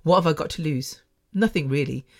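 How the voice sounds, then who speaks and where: A woman's voice: deep voice, brisk. A middle-aged woman hosting her own podcast from her bedroom, talking frankly and emotionally, often laughing and restarting her sentences. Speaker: podcast host. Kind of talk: candid personal podcast monologue. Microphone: microphone.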